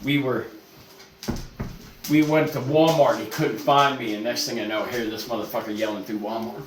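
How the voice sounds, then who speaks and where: A man's voice: medium pitch, fairly even intonation, moderate pace. A man in his forties hosting a podcast and telling loose, profane stories in casual chat, recorded on a phone. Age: 40s. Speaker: podcast host. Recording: roomy, distant mic with background noise.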